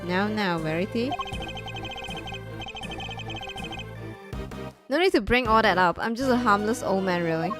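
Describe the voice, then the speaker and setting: A woman reading aloud the lines of a sentimental elderly male committee chairman, in a fond, slow, theatrical way, with game music behind her. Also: mid-range voice, expressive, natural voice.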